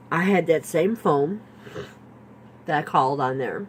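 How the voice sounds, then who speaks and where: A woman's voice: low-pitched, lively intonation, unhurried, pauses often, a little hiss or hum. Rambling woman telling a storytime tale. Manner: rambling, repetitive, lots of "like" and "you know". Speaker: vlogger telling a personal story. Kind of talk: storytime vlog.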